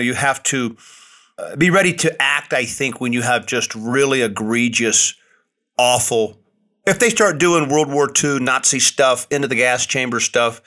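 A man's voice: medium pitch, bright, forceful tone. A man hosting his own podcast, delivering an indignant political monologue, repeating words for emphasis. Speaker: podcast host.

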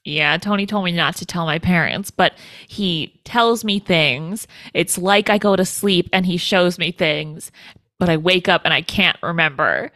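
A woman's voice: fairly low pitch, measured pace, fairly bright tone, no room sound. A woman co-hosting a casual podcast, retelling a movie's plot with wry asides and swearing. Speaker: podcast co-host. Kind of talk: casual movie recap chat.

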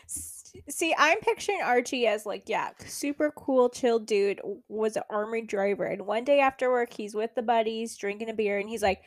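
A woman's voice: on the high side, moderate pace, hardly any pauses. Incredulous, joking woman podcast co-host. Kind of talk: casual true crime chat.

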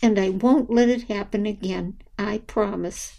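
A woman's voice: medium pitch, fairly even intonation, a little slow, vocal fry, warm tone. A woman voicing a small, anxious girl angel who stammers and wails her apologies, in a storybook reading. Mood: tearful.

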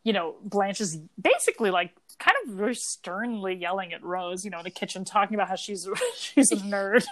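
A young adult woman co-hosting a casual podcast, chatty and quick to laugh as she talks through a TV episode. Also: mid-range voice, lively intonation, a bit bright. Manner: chatty, laughing often, quoting characters. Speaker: podcast co-host. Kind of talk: casual chat.

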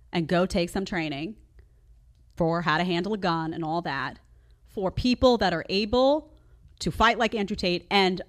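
Animated woman with a lively, emphatic voice. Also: fairly low pitch. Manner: animated, emphatic, jumps between loud outbursts and quiet asides. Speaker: host reacting to her own old clips. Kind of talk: opinionated commentary.

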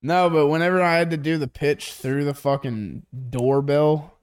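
A man's voice: on the high side, normal speed, clean tone, no room sound. A man co-hosting a podcast in a tea shop, telling profane stories in casual chat and acting out the people in them. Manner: profane, animated storytelling with acted quotes. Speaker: podcast co-host.

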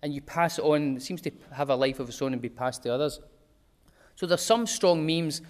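Man, fairly high voice, relaxed rambling presenter with everyday examples. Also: fairly quick. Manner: chatty and digressive, with homely examples. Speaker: speaker giving a talk. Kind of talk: informal talk to a small group.

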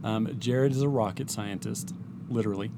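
A man's voice: lowish voice, normal speed. A man hosting a casual podcast chat, teasing and emphatic with his guest. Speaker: podcast host. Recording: clear background noise.

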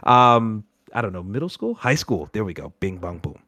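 A man hosting a podcast in casual chat, animated and joking with plenty of ums. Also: lowish voice, moderate pace, no room sound, studio quality. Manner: animated, joking, many fillers. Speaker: podcast host.

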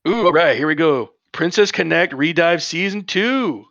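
A man's voice: a little high, expressive, moderate pace, a bit bright, no echo. A man co-hosting a casual podcast, reading show summaries aloud and talking enthusiastically, swearing freely. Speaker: podcast co-host. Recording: dull lo-fi dry mic.

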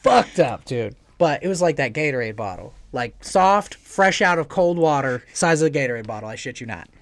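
A man's voice: mid-range voice, a little fast, no room sound. A man in his thirties hosting a podcast, telling crude stories with lots of laughter and swearing. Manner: animated, laughing, profane storytelling. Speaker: podcast host. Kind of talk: crude casual chat. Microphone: studio mic close up.

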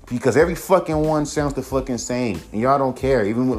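A man's voice: mid-range voice, quick pace, hardly any pauses, soft background music. Heated profane man ranting solo. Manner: profane, heated, mocks critics in put-on voices. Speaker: podcast host. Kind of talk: solo rant podcast.

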